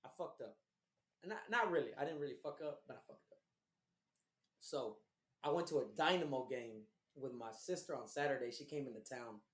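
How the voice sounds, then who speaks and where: A man from Houston with a hoarse, recovering voice, co-hosting a podcast and telling rambling, profane stories in a casual chat. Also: medium pitch, a little fast, reverberant. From Houston, Texas. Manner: profane, rambling, animated storyteller. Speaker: podcast co-host.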